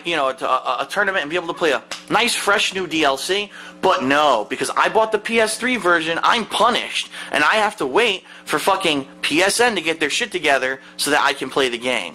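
A man with a high, bright voice rants to camera from his seat at home, swearing in nearly every sentence. His pitch leaps around with heated exasperation. The tone is that of a profane gaming-video tirade. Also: sing-song, a little fast, faint music behind, low-quality recording. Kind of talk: angry profane rant to camera. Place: seated indoors at home.

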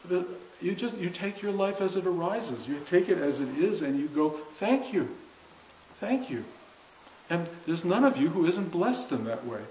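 Speaking to a seated class, an older spiritual teacher gives an earnest, informal talk in a conversational way, laughing often. His voice sits high with a darkish tone, captured with roomy echo and a faint hiss.

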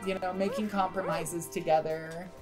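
A woman's voice: lowish voice, fairly even intonation, normal speed, over music. A young woman casually telling a story over her game play, rambling with lots of "like". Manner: rambling, heavy use of "like". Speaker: gaming video host.

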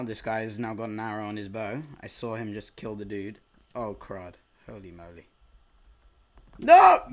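A young man giving casual gameplay commentary as host of his channel, excitable and quick to yelp in frustration. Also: on the low side.

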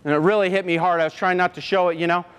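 A man who is a former coach and motivational speaker, telling an emotional personal story to an audience in an earnest, halting way. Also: high voice, fairly even intonation, a bit bright, clean tone. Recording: long hall reverb.

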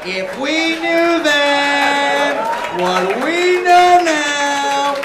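A man acting out an exasperated God who shouts and scolds believers during stand-up. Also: extremely high pitch, big pitch swings, extremely slow, a loud crowd, voice pushed up, full character voice. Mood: scolding. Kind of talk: stand-up act-out. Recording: echoey club with audience noise.

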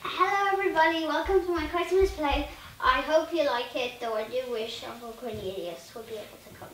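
A woman's voice: sits high, fairly quick, very echoey, far from the mic, lightly acted, poor audio. A woman playing a sweet little girl. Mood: eager. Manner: eager, sings a carol.

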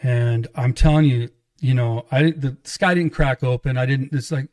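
A man's voice: mid-range voice, steady tone, normal speed, a little mellow. A middle-aged man sharing his life story in a loose, conversational way, often acting out what people said to him. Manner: loose, conversational, quotes others in dialogue. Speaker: podcast guest, evangelist. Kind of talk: casual testimony storytelling.

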